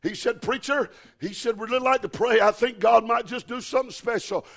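A middle-aged man preaches, his voice pitched high and grainy with fry. He tells his story plainly, then climbs into shouted, rhythmic preaching punctuated by "uh, uh.". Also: a little fast. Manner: builds to shouted preaching with "uh, uh" fillers. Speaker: pastor. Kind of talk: storytelling sermon.

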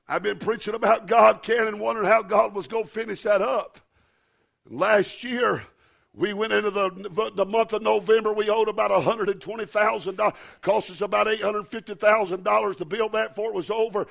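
A middle-aged man, a pastor telling a story in a sermon and building up to shouted preaching with "uh, uh" fillers. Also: sits high, brisk, vocal fry.

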